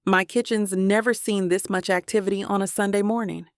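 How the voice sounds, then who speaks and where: A woman voicing a wry older grandmother, slow and gravelly. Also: mid-range voice, fairly even intonation, dry recording, studio quality, natural voice. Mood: amused.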